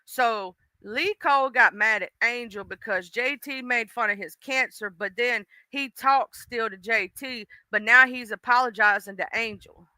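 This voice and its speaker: A woman's voice: on the high side, a little slow, few pauses, pushed and bright, dry recording. A woman hosting a livestream, chatting casually and gossiping with viewers, greeting commenters by name with slangy asides. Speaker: livestream host.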